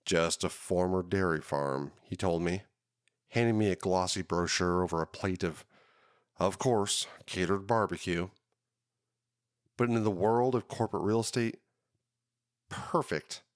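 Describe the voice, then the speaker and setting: A man hosting a podcast, telling his own story in a dramatic, drawn-out hardboiled detective style. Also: sits low, no echo, clean studio sound. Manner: dramatic, drawn-out noir delivery. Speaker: podcast host.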